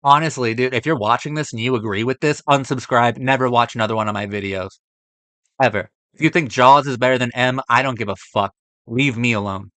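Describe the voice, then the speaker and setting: A young man reacting to a movie ranking, swearing often and swinging between loud exasperated outbursts and low muttering. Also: expressive, moderate pace, dry recording. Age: young adult. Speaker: film reaction vlogger. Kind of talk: ranting reaction to a movie list.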